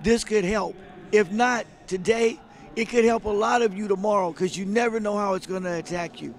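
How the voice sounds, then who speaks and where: A man's voice: high-pitched, normal speed. A man hosting a casual interview at an expo, upbeat and chatty as he promotes the event. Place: busy expo floor.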